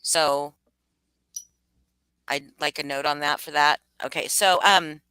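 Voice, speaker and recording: Bright, dry-sounding woman, casual stream host, swears freely. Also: deep voice, steady tone, slow pace, smooth, no room sound, poor audio. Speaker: livestream host. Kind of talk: casual livestream chat.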